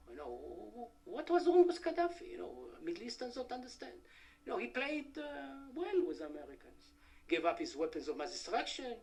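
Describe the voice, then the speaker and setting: A middle-aged man speaking at a conference, his voice pitched high for a man. He talks haltingly, full of "uh" fillers, tossing in dry, wry remarks to the listeners. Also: gravelly. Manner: halting, many "uh" fillers, wry asides to the audience. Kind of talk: academic conference talk. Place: conference hall.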